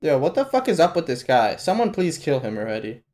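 A man hosting a live anime reaction, talking casually and profanely, with sudden loud exclamations at what he sees. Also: a little high, very animated, a little fast. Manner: casual slangy talk to the viewer. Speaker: reaction channel host.

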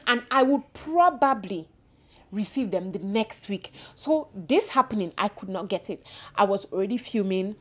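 A woman in her thirties telling a story to her viewers in a casual vlog, animated and indignant. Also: mid-range voice. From Cameroon. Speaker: vlogger.

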